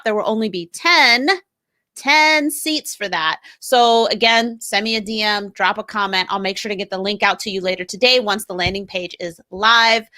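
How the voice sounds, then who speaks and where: A woman's voice: a little high, bright, forceful tone. A woman brand strategist hosting a live stream, chatting upbeat with viewers and greeting commenters by name.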